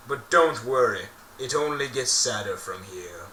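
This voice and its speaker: A man's voice: medium pitch, a little slow, hardly any pauses, pushed and bright, slight background noise. A man telling an improvised story in a playful, rambling way, often correcting himself mid-sentence. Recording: roomy echo, distant mic.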